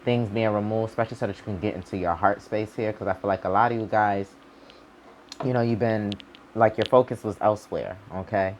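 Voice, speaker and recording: A man with a fairly low voice gives a casual tarot reading, drifting from thought to thought. His talk is informal and streetwise, with the odd swear word. A faint noise sits under the voice. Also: fairly even intonation, fairly quick. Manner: loose and rambling, heavy on "like" and "you know". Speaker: tarot reader.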